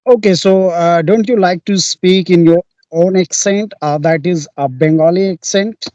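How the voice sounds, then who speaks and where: A man interviewing someone, polite and halting as he searches for words, heard over a remote call. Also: sits high, mellow, no room sound. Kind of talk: casual interview. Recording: dull dry lo-fi audio.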